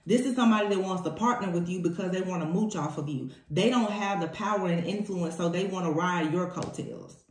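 A woman's voice: fairly low pitch, brisk, few pauses. A woman giving a spoken tarot reading, emphatic and repeating her key phrases for weight. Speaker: tarot reader. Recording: echoey room.

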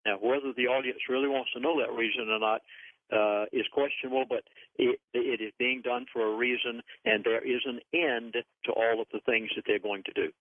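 Man talking gravely over a phone line. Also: mid-range voice, steady tone, a little fast, no room sound. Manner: earnest, grave, emphatic. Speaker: radio show guest. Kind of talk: call-in radio interview. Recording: dry, tinny phone line.

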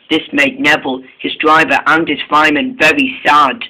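A man reading a children's train story aloud, halting, with frequent restarts and slips. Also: on the high side, little pitch movement, sharp tone, low-quality recording.

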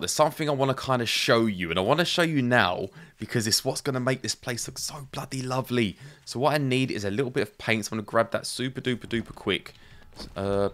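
A man's voice: mid-range voice, fairly bright tone. A man giving casual, chatty gameplay commentary, thinking aloud as he builds and talks to his viewers. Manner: chatty, thinking aloud, self-talk with playful asides. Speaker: game streamer.

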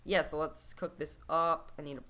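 A man's voice: a little high, little pitch movement, normal speed, bright, forceful tone. A man hosting a game let's play, talking casually and rambling with lots of fillers and restarts.

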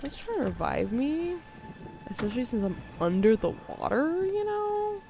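Young woman streaming a game and telling stories, gravelly, bouncy pitch, sometimes drops to a whisper. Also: normal speed, loud music behind the voice. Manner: animated, drops to a whisper when quoting a child. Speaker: streamer and theater teacher. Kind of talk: casual storytelling while gaming. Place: home streaming setup.

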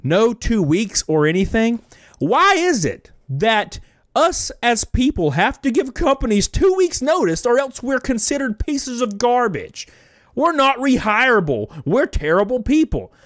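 Male commentary host, high and very animated, heated profane ranter, dry close mic. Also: a little slow, no echo. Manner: animated, profane, jokey ranting. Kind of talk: fast, heated commentary with reading aloud.

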